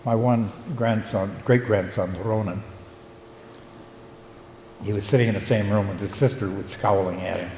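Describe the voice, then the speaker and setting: An older man, a local historian and retired teacher, gives a reflective conference talk, pausing with fillers as he tells stories. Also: fairly low pitch, steady tone, darkish tone. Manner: reflective storyteller, halting with fillers. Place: conference hall. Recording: echoey hall, faint room noise.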